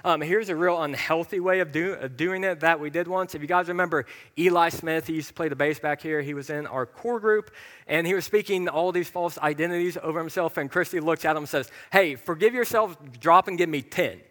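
A man's voice: on the high side, steady tone, a little fast, a bit bright. A young man preaching a sermon in a church, chatty and self-deprecating, with sudden emphatic bursts. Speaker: pastor. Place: church hall. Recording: church hall with long reverb.

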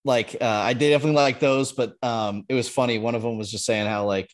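A man telling a story casually on a podcast, relaxed and loose, with lots of fillers. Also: medium pitch, fast. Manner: laid-back, loose with fillers like "um" and "like". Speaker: podcast regular.

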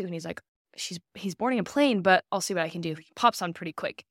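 A woman's voice: on the low side, fast, no echo, studio quality. A young woman in her twenties, a podcast guest, telling a personal story in earnest and acting out the people she quotes. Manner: earnest, acts out quoted dialogue.

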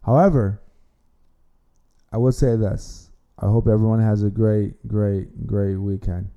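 A man's voice: lowish voice, steady tone, a little slow, lo-fi sound. A man hosting a casual sports podcast, opinionated, often repeating himself and restarting phrases. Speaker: podcast host.

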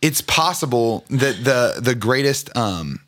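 Guy co-hosting a faith podcast, bright voice, thoughtful, lots of yeah yeah yeah. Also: medium pitch, lively intonation, slow. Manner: reflective, affirming, frequent backchannels. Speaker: podcast co-host. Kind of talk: casual faith conversation.

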